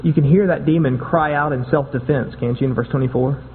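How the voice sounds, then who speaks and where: A pastor with a medium-pitched voice preaches a little fast in a conversational style, often repeating and restarting words. The audio has a little hiss or hum, sounds tinny and phone-like, and carries a long hall echo.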